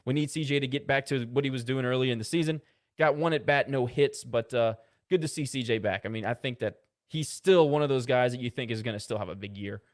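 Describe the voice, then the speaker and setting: A man co-hosting a casual sports podcast, rattling off box-score stats with quick asides. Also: medium pitch. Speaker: podcast co-host.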